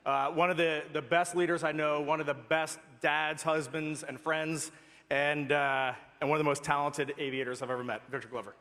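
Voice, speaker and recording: A man's voice: fairly high pitch, fairly even intonation, normal speed, sharp tone. A man, a mission commander who is losing his voice, speaking casually and enthusiastically to a crowd in a large hall. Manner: casual, enthusiastic, loose speech. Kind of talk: public speech.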